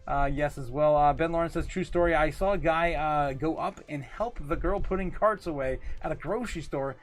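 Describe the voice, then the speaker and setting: A man's voice: on the high side, moderate pace. A man hosting a casual livestream, rambling loosely, reading viewer comments aloud and laughing often between lines. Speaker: livestream host.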